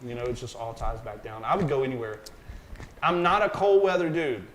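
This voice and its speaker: A man with a Southern American accent, a private chef chatting in an interview, animated and rambling, joking and swearing casually. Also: medium pitch, a little fast, slight background noise, low-quality recording.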